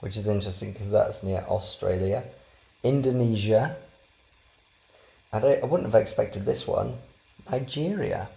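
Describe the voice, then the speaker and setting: Very deep-voiced woman, gravelly. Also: unhurried, pauses often, dark tone, poor audio. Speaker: podcast co-host. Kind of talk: casual chat.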